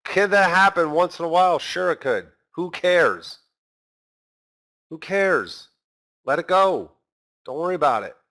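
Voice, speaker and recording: Guy teaching trading, punchy, answers his own questions, bright tense voice. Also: a little high, lively intonation, measured pace, long pauses. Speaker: trading instructor.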